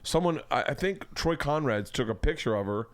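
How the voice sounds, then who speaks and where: A man's voice: a little high, lively intonation, moderate pace, dry recording. A man from Florida hosting a podcast, telling rambling, profane stories. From Florida, USA. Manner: rambling, profane storytelling with restarts. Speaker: podcast host. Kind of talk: casual podcast chat.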